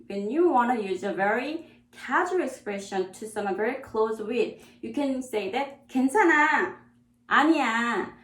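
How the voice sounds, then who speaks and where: A woman's voice: fairly high pitch, expressive. Woman teaching Korean in an echoey room. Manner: slow, repeats words for practice. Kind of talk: beginner language lesson.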